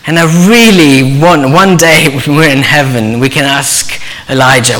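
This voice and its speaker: A man preaching a sermon, telling a story earnestly and dropping to a soft voice for quoted speech. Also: medium pitch, measured pace. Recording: long hall reverb.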